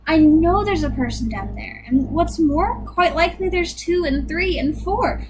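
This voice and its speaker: A woman's voice: very high-pitched, animated, unhurried, a little mellow, slight background noise, voice pushed up. A woman voicing a kind, earnest male elephant who speaks in a pleading, sincere way.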